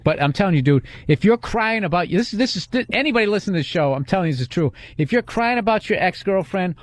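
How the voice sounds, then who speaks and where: A man in loose, crude casual chat, telling rambling stories with brash swagger. His voice sits a little high, and the sound is close and dry, with no room around it. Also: lively intonation, fast talker, dry recording. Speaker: podcast co-host.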